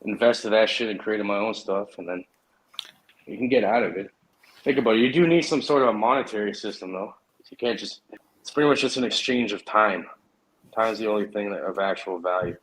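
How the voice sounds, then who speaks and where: A man's voice: lowish voice, fairly quick, a bit bright, slight background noise, rough recording. A man hosting a casual online video call chat, loose and profane, laughing a lot. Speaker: show host.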